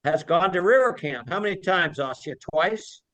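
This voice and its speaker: A man's voice: high voice, animated, brisk, a bit bright. A man giving an informal talk over a video call, rambling and teasing in a jokey way. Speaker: lecturer.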